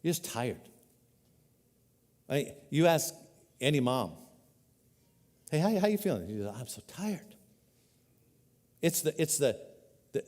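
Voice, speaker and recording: A man preaching a sermon as a pastor, earnest, swinging between loud emphatic peaks and quiet, dropped-down lows. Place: church hall. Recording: live hall reverb.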